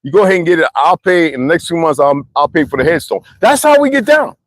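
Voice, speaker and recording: A man telling rambling, profane stories in a casual monologue, full of asides and sudden swings from low mutters to high exclamations. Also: animated, fast, no echo. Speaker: channel host.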